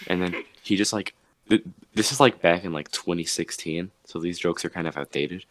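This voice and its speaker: A man's voice: low voice, moderate pace, fairly bright tone, no room sound. A young man on a podcast, chatting casually and telling a rambling story with many restarts. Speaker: podcast host. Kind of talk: casual chat.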